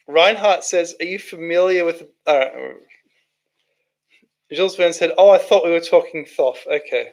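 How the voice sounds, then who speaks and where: A man's voice: a little high, a little slow. A man hosting a livestream, reading out chat comments and answering them in a rambling, casual way. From Australia. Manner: chatty, rambling, thinks aloud with restarts.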